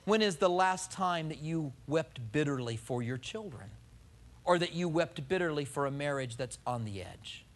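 A male pastor preaches with a fairly high voice that swoops up and down with feeling. He fires off rhetorical questions at the congregation and acts out everyday quotes along the way. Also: expressive, normal speed. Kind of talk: sermon.

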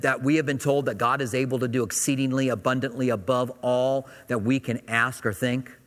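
A pastor preaches in a relaxed, folksy, conversational way, walking through the Bible as though chatting with his congregation. His voice is at an ordinary middle pitch, and the large church hall adds long reverb.

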